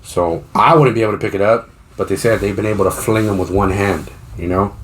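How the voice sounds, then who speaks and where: A man's voice: on the low side, fairly quick, a little hiss or hum. A man hosting a podcast, retelling a story in a rambling, profane, casual way, acting out the people he quotes. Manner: acts out quoted voices while retelling. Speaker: podcast host. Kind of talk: casual chat.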